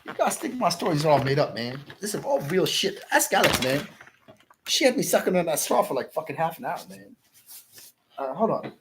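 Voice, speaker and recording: A man's voice: on the high side, big pitch swings, fairly quick, noisy background. A man telling a rambling, profane story to his livestream viewers, ending his sentences with "man" and insisting it all really happened. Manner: insists his stories are true. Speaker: livestream host.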